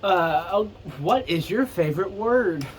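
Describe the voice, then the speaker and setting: A man's voice: high-pitched, animated, a little slow, slight background noise. A young adult man co-hosting a casual radio show. He is laid-back and blunt, and he swears freely.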